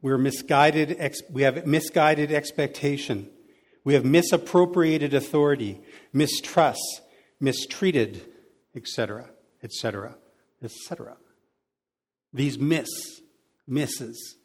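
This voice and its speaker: A man preaching a sermon in a conversational way, adding lively sound effects to his examples. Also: on the high side. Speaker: pastor. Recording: long hall reverb.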